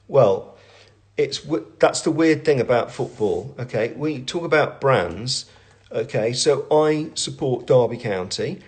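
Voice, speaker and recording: A man's voice: medium pitch, animated, unhurried, darkish tone. A middle-aged man answering questions in a casual live stream from home, rambling and self-deprecating, with lots of fillers and restarts, on a phone at arm's length. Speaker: brand owner and creative director hosting a live Q&A. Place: at home, with family in the room.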